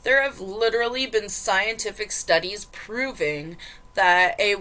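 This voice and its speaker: A woman's voice: fairly high pitch, pushed and bright. A woman vlogger reading online posts aloud and reacting in disbelief. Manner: incredulous, exasperated reactions. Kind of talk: casual reaction commentary.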